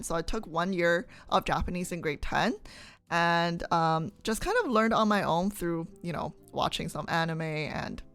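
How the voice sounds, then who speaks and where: A woman's voice: on the low side, a bit bright. A young woman streamer chatting casually with her viewers, reading their comments, laughing often and asking them questions.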